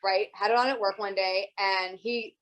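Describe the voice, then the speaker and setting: A woman teacher talking casually as an interview guest, telling lively stories and acting out the voices of the people in them. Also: mid-range voice, normal speed, lo-fi sound. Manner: animated storyteller who acts out other people's voices.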